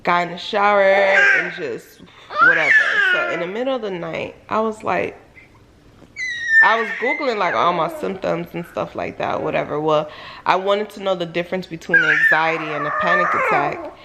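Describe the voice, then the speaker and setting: Woman, vlogger, casual storytime, mid-pitched voice, chatty with lots of fillers, sudden high loud exclamations. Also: moderate pace, heavy background noise. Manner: animated, filler-heavy retelling with many "like"s.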